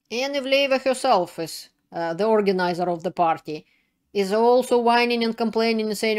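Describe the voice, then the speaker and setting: Her voice sits a little high and a little mellow, moving at a normal speed. The political commentator gives an indignant, emphatic, plain-spoken video commentary in non-native English, her grammar broken.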